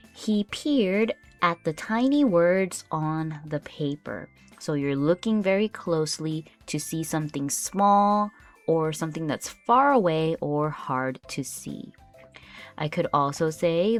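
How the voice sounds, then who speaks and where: Slow, low-voiced woman teaching vocabulary. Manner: patient, explains words step by step with example sentences. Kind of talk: slow, clear vocabulary lesson.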